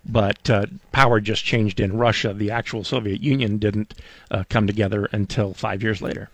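A man co-hosting a talk radio show, delivering deadpan sarcastic jokes in a casual way. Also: lowish voice, moderate pace, no echo. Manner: dry, sarcastic humor.

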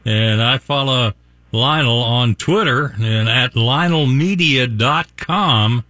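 A man's voice: medium pitch, takes it slowly, bright, forceful tone, dry recording. A man hosting a morning radio show in a friendly, conversational way.

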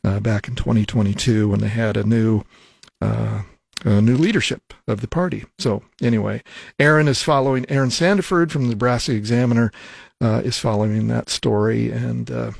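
Radio host, man, gravelly low voice, halting and full of "uh"s, dry studio sound. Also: fairly even intonation, no room sound. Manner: halting, many fillers and restarts. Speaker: radio talk show host. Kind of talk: casual radio talk. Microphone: studio microphone.

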